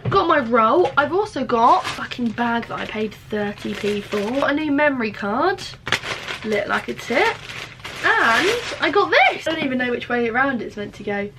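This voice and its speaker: Young woman vlogger, high-pitched, sweary deadpan jokes, phone-recorded with background traffic noise. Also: moderate pace. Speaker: vlogger and podcaster. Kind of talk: casual day-in-my-life vlog talk to camera. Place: in a car, then outdoors walking, then at home.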